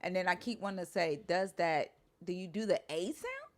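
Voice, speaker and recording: A woman's voice: on the low side, very animated, a little fast, dry recording. A young woman hosting a casual chat, hesitant and trailing off as she sounds out words, swearing now and then. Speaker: podcast host. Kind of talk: casual chat about Hebrew translation.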